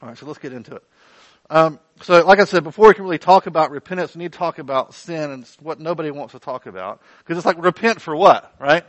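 Animated preaching man, slightly high voice. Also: quick pace, dry recording, low-quality recording. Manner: animated, conversational preaching with playful asides. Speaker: pastor. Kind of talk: sermon.

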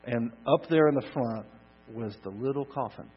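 A man preaching a sermon, swinging from loud emphasis to soft, hushed lines. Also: mid-range voice, normal speed, husky. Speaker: pastor. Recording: dull lo-fi recording with mains hum.

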